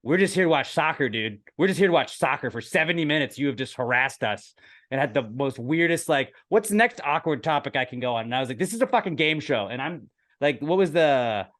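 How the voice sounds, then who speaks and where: A man's voice: fairly high pitch, expressive, a little fast, fairly bright tone. A man co-hosting a podcast, telling a long story in casual chat, rambling with restarts and swearing as he acts out what others said. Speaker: podcast co-host.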